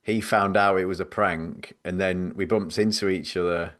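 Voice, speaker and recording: Rambling low-voiced male podcast host. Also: steady tone, normal speed, a bit bright. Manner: rambling, self-deprecating, laughs easily. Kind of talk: casual storytelling chat.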